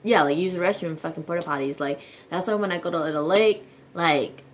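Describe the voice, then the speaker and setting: A woman's voice: lowish voice, fast talker, slight background noise. A young woman ranting to her viewers in a vlog, swearing constantly and leaning on filler words, sounding exasperated. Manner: profane, exasperated, heavy use of filler words. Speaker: vlogger. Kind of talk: casual rant to camera.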